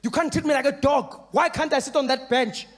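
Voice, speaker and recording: A man voicing an angry male protester who shouts demands for equal rights. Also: brisk. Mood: indignant. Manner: shouting, high and strained, rising to a yell.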